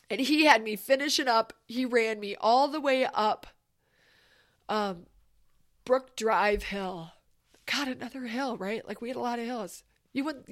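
Here a woman with a high voice shares something that happened to her, animated and emphatic. She keeps it conversational and drops casual asides to whoever's listening.

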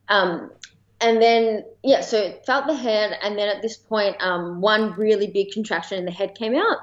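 A woman's voice: mid-range voice, fairly even intonation, moderate pace, highs cut off. An Australian woman telling a personal story as a podcast guest in a chatty way, full of fillers and light laughter.

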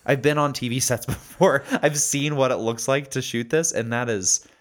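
A man's voice: mid-range voice, fairly even intonation. A man co-hosting a podcast, chatting casually and playfully teasing his co-host. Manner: playful, teasing, quick to joke. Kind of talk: casual chat.

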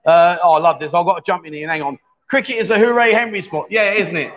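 A man in his fifties hosting a casual livestream from a bar, joking and bantering loudly with guests. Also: high-pitched, fast talker, few pauses, a little hiss or hum. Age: 50s. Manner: jokey, banter-heavy, loud. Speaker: livestream host. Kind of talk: casual live-stream chat. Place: bar in Pattaya. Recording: dull, lo-fi livestream sound.

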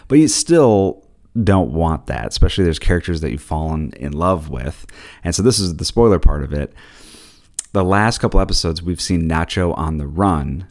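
A man hosting a podcast, chatting casually and telling rambling stories with animated quoted voices. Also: deep voice. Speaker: podcast host. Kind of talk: casual solo podcast chat.

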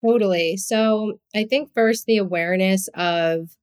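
A woman podcast host with a New Jersey accent, talking in a casual, heartfelt and expressive way, often saying "like". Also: medium pitch, measured pace, clear, resonant tone. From US East Coast. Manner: expressive, heartfelt, frequent "like" fillers.

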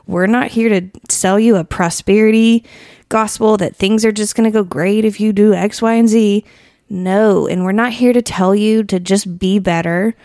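A young woman talks in easy, earnest podcast chat and breaks into laughter often. She sometimes acts out little prayers in a mock-formal voice. Her voice sits at a middle pitch and sounds close and dry. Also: steady tone, normal speed, a little mellow, no room sound. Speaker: podcast co-host. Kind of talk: casual faith podcast chat.

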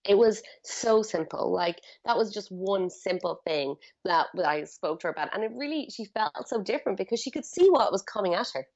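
A woman's voice: mid-range voice, a little fast, hardly any pauses. Chatty woman, lo-fi podcast audio. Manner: chatty, animated storytelling with many fillers. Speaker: guest, feng shui consultant. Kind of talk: podcast interview.

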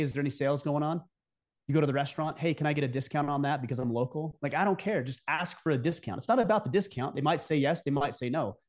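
A man's voice: fairly high pitch, a little mellow. Man giving direct, emphatic advice. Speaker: podcast guest. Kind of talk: casual interview talk.

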